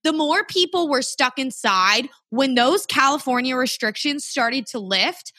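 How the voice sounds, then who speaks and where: A woman's voice: high voice, expressive, unhurried, bright, forceful tone, dry recording, clean studio sound. A woman hosting a podcast, talking in a casual, ranting way and swearing freely. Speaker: podcast host.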